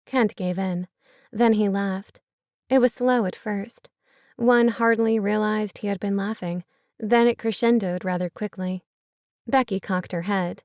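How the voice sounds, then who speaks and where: A woman narrating a story in an even, measured reading. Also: medium pitch, dry recording, clean studio sound. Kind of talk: audiobook narration.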